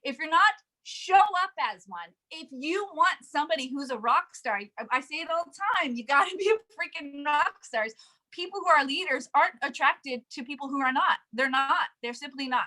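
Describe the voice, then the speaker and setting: A woman leading a sales team, giving an energetic, emphatic motivational talk with frequent laughs. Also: high voice, brisk. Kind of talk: casual motivational chat.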